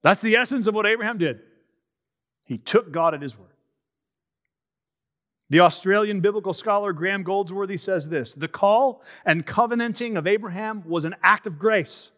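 A man preaching a sermon, reading scripture aloud and teaching in a measured, emphatic way with pauses. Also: high voice, a bit bright.

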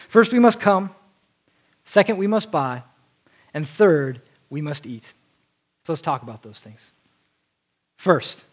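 A male preacher delivering an earnest sermon, often repeating a word as he restarts. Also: fairly high pitch.

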